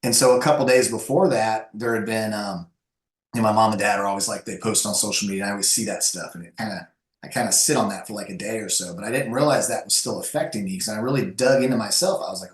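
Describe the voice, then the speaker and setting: Animated man telling stories in an echoey room. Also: lowish voice, quick pace. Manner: animated, lively storyteller with frequent restarts. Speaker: guest. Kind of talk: conversational storytelling.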